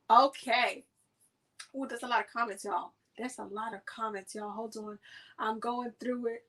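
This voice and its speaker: A woman's voice: fairly high pitch, fairly even intonation, unhurried, fairly bright tone, poor audio. A woman hosting a live oracle card reading, talking in a loose, slangy, chatty way with lots of fillers and repeated words. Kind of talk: casual livestream chat during card pulls.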